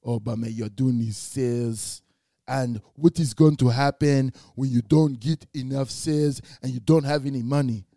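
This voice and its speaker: Man putting on an African-accented father, stern, loud, slow, rough-edged, dry room. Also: mid-range voice, steady tone, no room sound, lightly acted. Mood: scolding. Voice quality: scolding, heavy accent.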